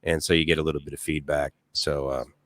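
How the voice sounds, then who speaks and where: A man's voice: rumbling low, fast, dry recording. A man co-hosting a casual live-stream chat, talkative and enthusiastic, telling stories with lots of energy. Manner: enthusiastic, talkative, animated storytelling. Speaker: co-host.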